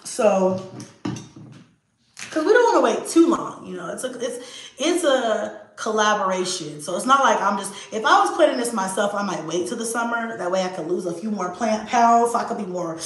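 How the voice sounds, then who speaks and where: Animated woman chatting in an echoey room. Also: mid-range voice, normal speed. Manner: animated, acts out voices of her kids; swears freely. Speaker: video host. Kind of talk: casual chat to viewers.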